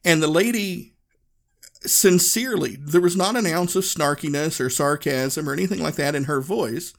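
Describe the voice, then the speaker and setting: A man hosting a podcast, telling a story in a relaxed, conversational, reflective way. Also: a little high, moderate pace, gravelly. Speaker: podcast host.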